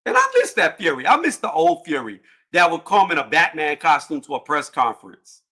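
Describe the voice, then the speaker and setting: A man hosting a casual boxing livestream panel, joking loudly and cursing, with frequent laughs and trash talk. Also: a little high, huge pitch swings, a little fast, husky.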